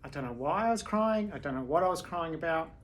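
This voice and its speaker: A tired woman speaking candidly at home in a personal video diary, halting, with many restarts and fillers. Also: deep voice, animated. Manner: candid and confessional. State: tired from sleepless nights. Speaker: vlogger.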